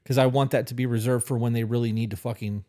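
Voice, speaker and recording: A man's voice: medium pitch, steady tone, quick pace, warm tone. A man co-hosting a relationship podcast, talking bluntly with heavy swearing and getting worked up. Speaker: podcast co-host. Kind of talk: casual relationship podcast chat.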